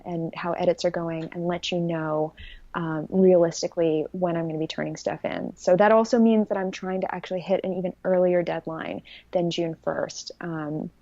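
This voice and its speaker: A woman in her thirties from California with a low, gravelly voice, chatting hesitantly on a podcast. She fills her pauses with ums. The audio is dry, dull and lo-fi. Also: dark tone, dry recording. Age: 30s. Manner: measured, hesitant with frequent ums. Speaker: podcast co-host. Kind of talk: casual podcast chat.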